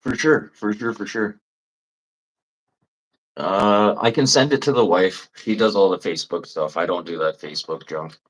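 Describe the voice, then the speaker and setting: Deep-voiced Canadian guy ranting casually. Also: normal speed, rough recording. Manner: swears freely, rambling and blunt; mocks people in high put-on voices. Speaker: livestream host. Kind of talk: casual live chat with viewers.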